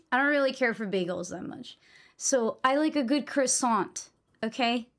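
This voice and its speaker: A woman's voice: on the high side, lively intonation, moderate pace. A young woman from New England chatting casually with her live stream audience, blunt and given to swearing.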